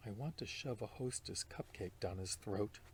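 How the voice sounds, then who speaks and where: A man reading a children's novel aloud as a volunteer, expressive and sometimes dropping to a whisper in tense moments. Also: lowish voice, moderate pace, husky. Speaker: volunteer read-aloud reader.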